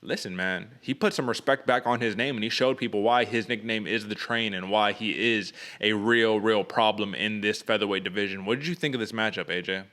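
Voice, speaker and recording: A young man with a bright, forceful voice pitched a little low, talking fights on a podcast. He keeps the chat casual and energetic and drops "man" into almost every sentence. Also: brisk, hardly any pauses. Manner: energetic, slangy, says "man" a lot. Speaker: podcast co-host.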